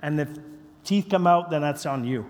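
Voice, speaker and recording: A male pastor telling a story in a sermon, animated, acting out the voices of the people in it. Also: on the high side, moderate pace. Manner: animated, acts out quoted voices. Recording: long hall reverb.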